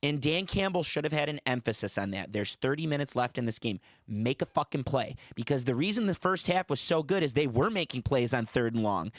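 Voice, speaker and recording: A man's voice: medium pitch, fairly bright tone, no echo, clean studio sound. A man co-hosting a sports podcast in casual debate, arguing his case point by point. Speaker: podcast co-host.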